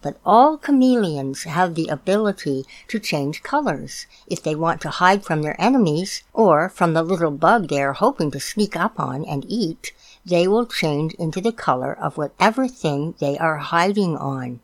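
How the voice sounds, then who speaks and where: A woman reading a children's picture book aloud, gently explaining things for young listeners. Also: low-pitched, lively intonation, normal speed. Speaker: storytime reader.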